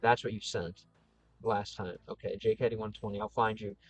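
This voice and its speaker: A man's voice: on the low side, flat delivery, normal speed, husky, soft background music, rough recording. A man casually chatting on a livestream as he answers viewer comments, thinking aloud with frequent restarts. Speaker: streamer answering live chat.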